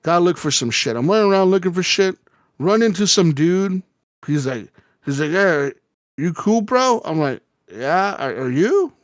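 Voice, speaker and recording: A man co-hosting a gaming podcast, telling a rambling, profane story in casual chat and acting out quotes with sudden jumps in pitch. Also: lively intonation, normal speed, no echo, studio quality. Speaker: podcast co-host.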